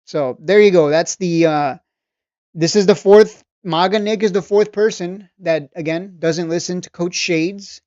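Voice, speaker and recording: An unhurried man with a high-sitting, somewhat mellow voice coaches stock traders in a casual ranting monologue for his channel. His tone is preachy and mocking, and he repeats himself and restarts sentences. The recording is dry with no room sound, dull and slightly lo-fi.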